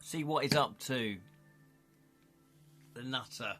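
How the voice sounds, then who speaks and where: A man's voice: mid-range voice, a little slow, pauses often, bright, forceful tone, faint music behind. A man hosting a live stream, chatting casually and joking with his viewers while reading through a gamebook. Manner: chatty, jokey, talks to chat, laughs often. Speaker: livestream host reading a gamebook.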